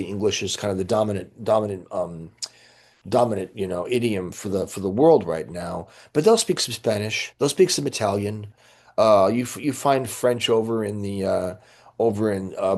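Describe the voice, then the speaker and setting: Fairly low and darkish in tone, the voice belongs to a middle-aged priest teaching church history at a normal speed. His informal, question-answering lecture rambles, full of fillers and false starts.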